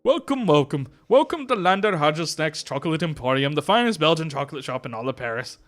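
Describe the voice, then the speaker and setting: A man's voice: on the high side, big pitch swings, fast, vocal fry, fairly bright tone, faint music behind, voice pushed up, heavily acted. A man hamming up a fussy elephant chocolatier. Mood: theatrical. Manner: wobbly put-on European accent drifting between styles.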